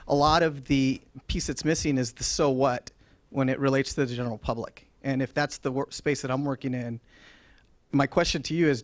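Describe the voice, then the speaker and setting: A man's voice: mid-range voice, no room sound. A man from the audience introducing himself and asking the panel an articulate question. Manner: articulate, measured, quick. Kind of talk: question from the floor.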